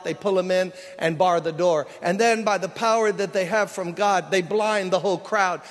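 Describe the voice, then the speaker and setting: In a large church hall where his voice rings with long reverb, a high-voiced man preaches a sermon in a casual, conversational storytelling style. He slips into the voices of the people he describes, acting out their dialogue.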